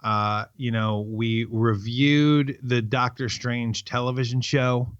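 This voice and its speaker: A man's voice: mid-range voice, steady tone, slow, smooth, no room sound. A middle-aged man co-hosting a movie podcast, telling long rambling stories in casual chat. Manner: rambling storyteller, chatty and self-interrupting. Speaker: podcast co-host. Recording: dry, slightly dull lo-fi sound.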